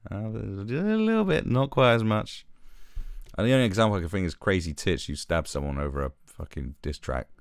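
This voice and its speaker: A man's voice: low-pitched, lively intonation, fairly quick, no room sound, studio quality. A British man hosting a live stream, ranting sarcastically and mocking in casual commentary.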